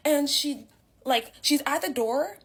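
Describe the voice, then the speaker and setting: Young adult woman, slightly high-pitched, rambling casual storyteller with lots of fillers and dramatic swings. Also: slow, very noisy.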